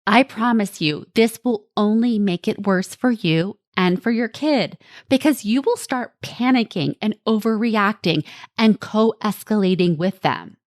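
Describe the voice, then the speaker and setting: A woman's voice: medium pitch, a little slow, no echo, clean studio sound. A woman hosting a parenting podcast and coaching parents in an earnest, direct manner, repeating phrases for emphasis. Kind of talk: podcast advice monologue.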